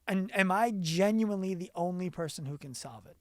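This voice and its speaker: A man being interviewed on a podcast as a business coach, telling stories earnestly and going quiet for the emotional parts. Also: high-pitched, expressive, brisk, no echo, studio quality.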